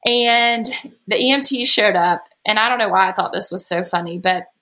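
A woman's voice: mid-range voice, moderate pace, bright, forceful tone. A woman, a podcast guest talking through a personal story in a chatty way and laughing often. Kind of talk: casual storytelling.

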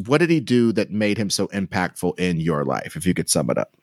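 A man's voice: low voice, very animated, a little fast, darkish tone, dry recording, studio quality. A man hosting a comedy podcast in loose, joking chat, swearing freely. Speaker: podcast host.

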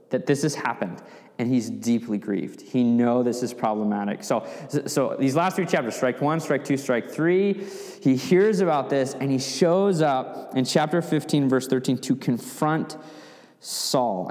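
A man's voice: on the high side, a little mellow. Man teaching scripture in reverberant hall. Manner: conversational, with frequent "right?" asides and restarts. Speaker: Bible teacher. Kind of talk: Bible teaching.

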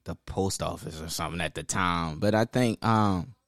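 A man's voice: deep voice, normal speed, fairly bright tone, no room sound, clean studio sound. A young man with a Baltimore accent, co-hosting a casual chat, laughing often and cursing freely. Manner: laughing, loose and profane. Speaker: podcast co-host.

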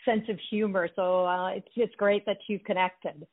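A woman with a French Canadian accent, a native French speaker, answering interview questions in a friendly, measured way. Her voice comes through a tinny phone line. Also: medium pitch, steady tone. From Canada (Ottawa). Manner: friendly, measured, light laughs. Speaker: author guest. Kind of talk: interview conversation.

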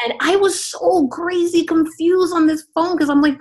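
Middle-aged businesswoman from Miami, lively storytelling guest, voice a bit high. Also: normal speed, few pauses. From Miami, Florida. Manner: animated, acts out quoted voices. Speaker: podcast guest, entrepreneur. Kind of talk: storytelling interview talk.

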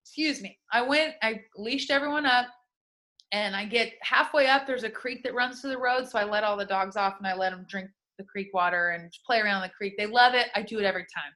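A woman's voice: medium pitch, brisk. A young woman co-hosting a podcast, telling a story in casual chat, swearing freely and acting out what everyone said. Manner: profane, animated storytelling. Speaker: podcast co-host.

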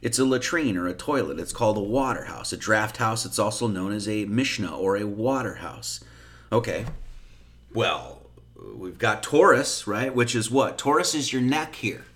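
A man's voice: lowish voice, expressive, moderate pace, a bit bright. Give me a conversational man explaining scripture in a sermon. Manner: conversational, rhetorical questions, frequent "okay?" and "right?"; reads scripture verses in a raised, emphatic voice. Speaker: teacher of esoteric Bible study.

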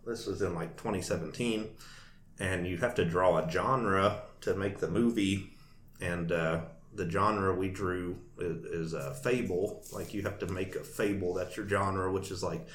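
A guest cartoonist in Nashville chats casually in an interview, telling a long story full of fillers and frequent laughter. His low voice is slightly bright, fairly even in intonation, and measured, in an echoey room with faint noise.

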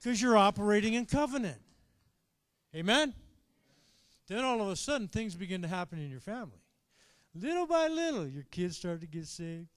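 A man preaching a sermon to his congregation, animated, calling out for amens and swinging between quiet asides and shouted high points. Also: normal speed, long pauses, no echo. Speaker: pastor.

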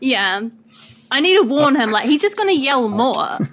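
A playful woman player chats casually during a tabletop game. Her voice sits fairly high and moves around a lot in pitch, bright with animation. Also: normal speed. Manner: playful and lively.

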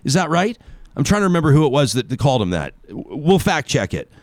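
A man's voice: a little high, sing-song, no echo, clean studio sound. A man from Canada hosting a radio talk show, delivering a sarcastic political commentary monologue that leans hard on key words. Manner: emphatic, sarcastic, dramatic pauses on key words.

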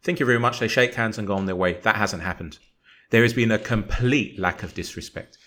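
A man with a lowish voice co-hosts a casual football podcast at a moderate pace. Animated, he argues his point in long, rambling runs and acts out imagined dialogue.

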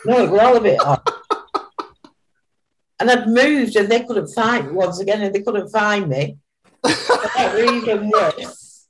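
Older woman, lively pitch. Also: measured pace, long pauses, a little hiss or hum, low-quality recording. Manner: chatty, laughs often, plain-spoken. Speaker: guest, charity founder. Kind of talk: casual interview chat.

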